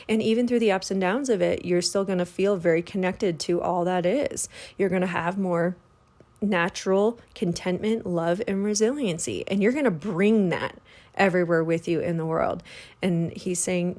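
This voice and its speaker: A woman's voice: lowish voice, darkish tone. A woman hosting a spiritual podcast, relaying a spirit guide's words in a chatty, earnest, casual monologue with the odd swear word.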